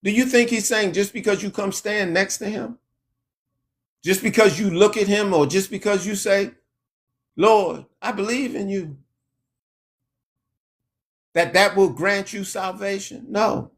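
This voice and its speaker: Slow, emphatic male preacher. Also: high-pitched. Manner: slow, emphatic preaching with sharp rises on scripture quotes. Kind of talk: sermon.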